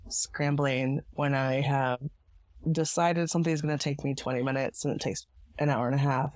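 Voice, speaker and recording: A woman hosting her own podcast, talking in a reflective, earnest way with a hoarse, gravelly voice from being sick. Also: low voice, darkish tone, no echo, studio quality. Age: adult parent. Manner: reflective and earnest, with small laughs. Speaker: podcast host. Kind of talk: solo podcast monologue.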